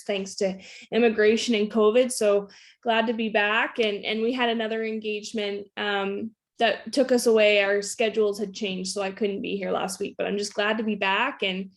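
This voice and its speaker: A woman panelist chatting on a video call, friendly and steady. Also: mid-range voice. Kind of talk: casual video call chat.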